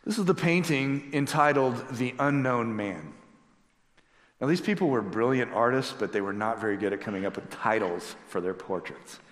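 A man's voice: medium pitch, moderate pace. Middle-aged male pastor, storytelling sermon, recorded in a reverberant sanctuary. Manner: storytelling, emphatic preaching. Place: church sanctuary. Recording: echoey hall with long reverb.

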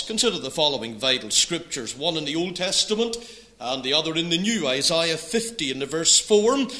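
Slow, expressive male preacher. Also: sits high. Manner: expressive, rising and falling preaching delivery; reads scripture aloud in old biblical wording. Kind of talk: sermon.

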